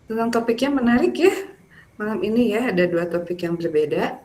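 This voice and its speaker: A woman's voice: medium pitch, expressive, a little mellow, rough recording. Woman moderating an event. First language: Indonesian. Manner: formal closing remarks, switches into quick Indonesian asides.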